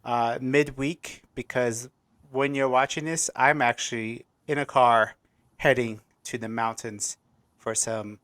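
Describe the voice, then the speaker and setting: A man's voice: medium pitch, fairly even intonation, slow pace, a bit bright. A man from Colorado hosting a casual live-streamed chat show, upbeat and chatty, laughing often. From Colorado, United States. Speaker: host.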